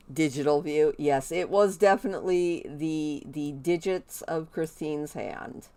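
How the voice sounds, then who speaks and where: A woman's voice: low-pitched, takes it slowly, warm tone. A woman giving casual, playful gameplay commentary, chatty and gushing over the babies in her game.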